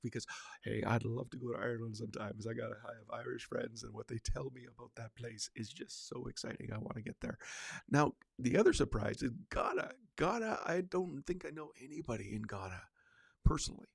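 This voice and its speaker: A man's voice: mid-range voice, lively intonation, normal speed, vocal fry, dry recording. A male podcast host chatting casually on his own, rambling with lots of fillers and restarts. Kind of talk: casual solo livecast chat.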